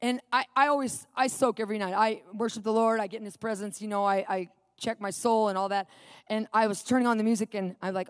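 A middle-aged woman preaching and telling a lively personal story, acting out the people in it. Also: medium pitch, fairly quick, no room sound, clean studio sound. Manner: animated storytelling, acting out quotes.

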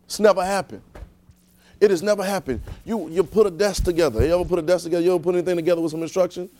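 A man's voice: high voice, fairly even intonation, rapid-fire, warm tone. A man preaching a conversational sermon, repeating himself and throwing rhetorical questions at the congregation.

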